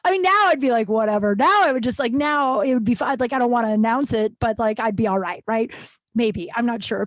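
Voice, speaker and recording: A woman's voice: fairly high pitch, dry recording. A woman in her thirties from Colorado, hosting a podcast and telling a personal story in a candid, self-mocking way with plenty of swearing. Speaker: podcast host. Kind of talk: casual storytelling monologue.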